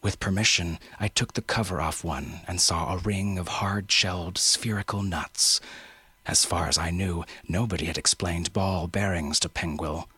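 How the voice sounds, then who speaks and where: Male story narrator, very husky, forceful delivery. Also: low-pitched, fairly even intonation, dry recording. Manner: measured storytelling. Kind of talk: scripted narration.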